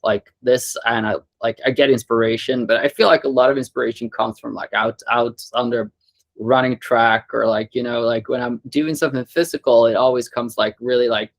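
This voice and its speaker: Young adult man from Sweden, guest musician, halting, many restarts, casual talk. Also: mid-range voice, fairly even intonation, creaky.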